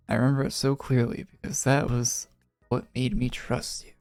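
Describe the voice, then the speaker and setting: A man's voice: medium pitch, normal speed, gravelly, no room sound, clean studio sound, soft background music. A man streaming a game, reading dialogue aloud and dropping wry, joking asides. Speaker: gaming streamer. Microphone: close studio microphone.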